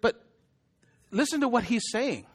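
A man with a strikingly high voice preaches a sermon. His delivery is casual and chatty, full of self-deprecating jokes and quick asides to the congregation. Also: lively intonation, slightly rough. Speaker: pastor.

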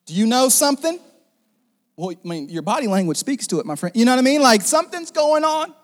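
A man preaching a sermon as pastor, animated and jokey, acting out the people in the story. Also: extremely high pitch, quick pace. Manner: animated, jokey, acts out the characters. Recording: long reverb of a large hall.

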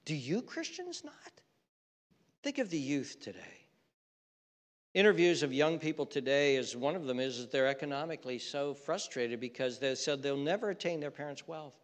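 A man preaching a sermon, swinging from loud mocking outbursts to soft, earnest appeals. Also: mid-range voice, normal speed, long reverb tail. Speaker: pastor.

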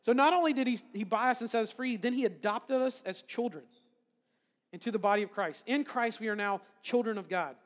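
High-voiced preacher in a reverberant hall. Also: male voice, a little fast. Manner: conversational preaching with frequent "right?" asides and restarts. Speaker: pastor. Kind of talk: sermon.

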